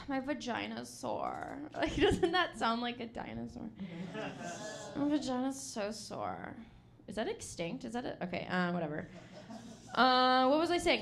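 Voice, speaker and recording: A young woman doing a stand-up set at an open mic, rambling and self-deprecating, often laughing at her own jokes. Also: sits high. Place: comedy club stage with a live audience.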